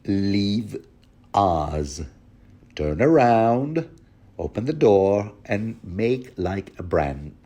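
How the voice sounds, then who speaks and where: A man's voice: on the low side, very animated, extremely slow, mellow, exaggerated voice. A man voicing a stern, short-tempered male king who scolds in clipped, repeated words. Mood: dismissive.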